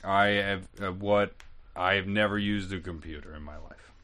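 A man voicing a big, cheerful, goofy homeless werewolf in a tabletop game, joking in deadpan. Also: low-pitched, normal speed.

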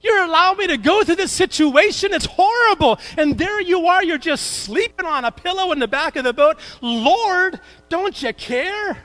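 A man's voice: lively intonation, normal speed, a bit bright, dry recording. A man voicing a panicked male disciple crying out to his master in a storm, in a strained, pleading voice. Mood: desperate. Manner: pleading, frantic, strained high voice.

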